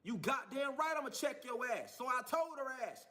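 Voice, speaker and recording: A man in a heated, profane monologue, defiant and ranting. His voice is high and bright with a sharp, forceful edge. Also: big pitch swings, normal speed, few pauses. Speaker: man telling his own story in a clip. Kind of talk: angry monologue.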